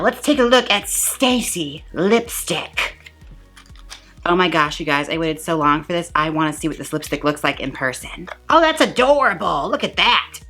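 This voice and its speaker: A woman's voice: fairly low pitch, bright, forceful tone, husky. A woman hosting a comedic makeup review vlog in a playful, mock-dramatic, gushing way. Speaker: beauty vlogger.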